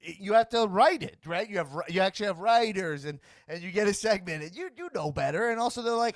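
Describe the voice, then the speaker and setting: A man with a high-pitched, animated voice talks fast with few pauses as he hosts a casual podcast, rambling through restarts and stammered repeats and acting out others' voices mid-sentence. The recording is dry and studio quality.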